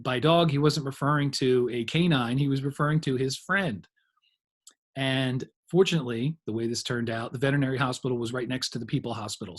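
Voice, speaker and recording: A middle-aged man leads a training lecture in a slightly husky voice. He talks conversationally and walks through ideas with examples and asides. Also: medium pitch.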